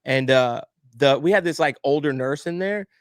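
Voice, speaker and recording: A slightly high male voice at a moderate pace comes through with no echo and in studio quality. Appearing as a guest on a podcast, he candidly and animatedly tells an emotional personal story, acting out the voices of the people he quotes.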